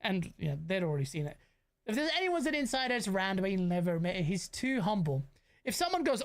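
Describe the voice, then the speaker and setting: A young British man with London slang, hosting a casual gaming reaction stream, animated and rambling as he banters with his chat. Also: high voice, fast. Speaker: gaming commentator host.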